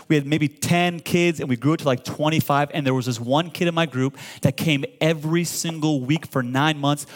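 A man in his forties preaching a sermon, animated and full of call-and-response, often stammering and repeating words when excited. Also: fairly high pitch. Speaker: pastor.

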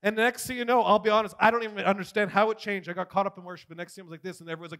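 A man giving a testimony sermon, telling his story with big swings between loud and hushed. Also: high voice, racing, few pauses. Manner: animated storytelling, swings from shouting to near whisper. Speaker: preacher.

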